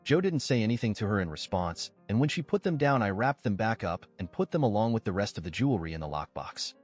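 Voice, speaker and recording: Man, narrator, reading online stories, low voice, lively intonation, faint music behind. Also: fast.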